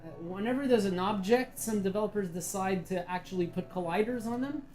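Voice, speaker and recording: This is a woman reviewing a VR game as she plays it, chatty and enthusiastic, swearing freely in her casual commentary. Her voice is medium-pitched, a little mellow, and fairly quick, with faint music in the background of a low-quality recording.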